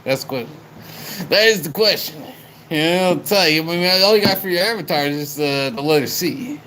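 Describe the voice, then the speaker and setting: Young man, rowdy livestream chatter, a bit high-pitched, swears freely, keeps repeating himself. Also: brisk, bright, forceful tone, a little hiss or hum, rough recording. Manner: rowdy, repetitive, swears a lot; calls out viewers by name. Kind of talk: rambling livestream chat with viewers.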